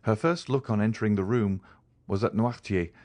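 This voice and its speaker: A man reading a classic novel aloud as an audiobook narrator, in a measured, dramatic way. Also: on the low side, darkish tone, no echo. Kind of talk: scripted narration.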